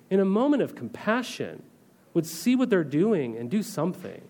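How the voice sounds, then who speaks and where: Guy pastor teaching a sermon, fairly high voice, chatty, keeps asking "right?" and "you know?". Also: very animated, moderate pace, dark tone. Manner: conversational, asks listeners rhetorical questions with frequent "right?"; reads scripture aloud, then explains it in everyday terms.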